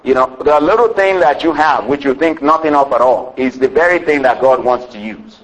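A man preaching a sermon to a congregation, calling for amens and rising to excited shouts. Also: medium pitch, fairly quick, poor audio. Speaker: pastor.

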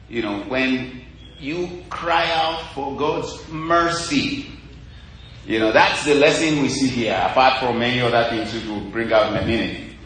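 A man's voice: mid-range voice, a little hiss or hum. Echoey male preacher with rising exclaims. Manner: rising to loud exclaims of praise, scripture quoted in a singing lilt. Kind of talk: sermon. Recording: very echoey room, faint ambience.

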